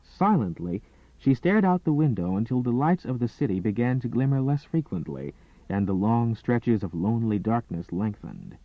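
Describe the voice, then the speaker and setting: A man narrating a romance audiobook in a dramatic, expressive reading style. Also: medium pitch, moderate pace, dry recording. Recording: dry, tinny phone-like sound.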